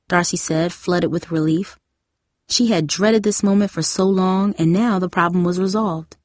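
A woman narrating a children's novel aloud in an even, measured way. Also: lowish voice, no echo, clean studio sound. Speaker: audiobook narrator. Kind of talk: scripted narration.

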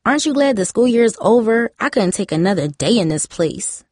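A woman's voice: mid-range voice, lively intonation, fairly quick, darkish tone, no room sound, clean studio sound, natural voice. A woman voicing a prying teenage girl who presses insistently. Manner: insistent, needling.

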